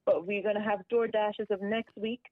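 A woman from a community association calling in to a radio show, giving upbeat announcements and shout-outs. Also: mid-range voice, level tone, brisk, no room sound. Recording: tinny phone line.

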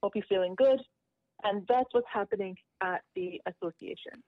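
A woman from a community association calling in to a radio show, giving upbeat announcements and shout-outs. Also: medium pitch, normal speed, dry recording. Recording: tinny phone line.

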